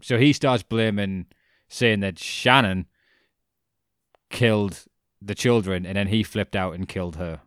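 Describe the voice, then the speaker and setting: A man's voice: on the low side, a little slow, long pauses, smooth, no room sound, studio quality. A man co-hosting a casual podcast, retelling a documentary and acting out the quotes with frequent laughter. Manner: animated storyteller, acts out quotes, laughs often.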